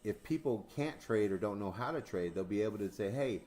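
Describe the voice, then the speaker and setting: Low-voiced man telling animated stories. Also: a little fast. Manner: animated storyteller, acts out dialogue, swears, laughs often. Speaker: crypto stream host. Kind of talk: casual chat.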